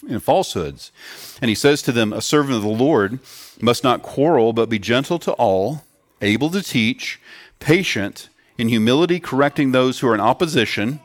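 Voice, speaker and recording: A man preaches to a congregation of children and adults, teaching earnestly and pausing to question the young listeners. His voice sits at a middle pitch for a man. It is recorded close and dry, with little room sound. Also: no echo. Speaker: pastor.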